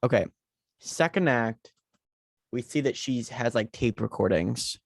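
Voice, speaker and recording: A man co-hosting a podcast in casual chat, relaxed and joking while he pitches story ideas. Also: unhurried, gravelly, no echo. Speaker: podcast co-host.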